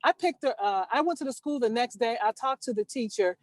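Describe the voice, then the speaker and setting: A woman telling a personal story over a video call, earnest and halting, restarting her sentences. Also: fairly high pitch, expressive, no echo. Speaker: caller sharing a story.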